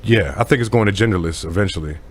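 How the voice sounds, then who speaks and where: A man's voice: low voice, fast talker. A man chatting casually on a podcast, joking and laughing often. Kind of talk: casual chat. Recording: faint room ambience.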